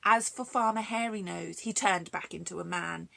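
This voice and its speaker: A woman librarian reading rhyming stories aloud to children, expressive and chatty between verses. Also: fairly low pitch, moderate pace, creaky. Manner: expressive, sing-song, chatty asides.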